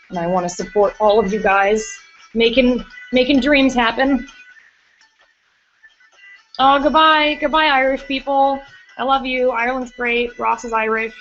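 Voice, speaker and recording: Gushy woman chatting on a sculpting stream, mid pitch, kinda muffled audio. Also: a bit bright. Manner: chatty and gushing, answers chat questions. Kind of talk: casual chat while working. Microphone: computer mic on a livestream.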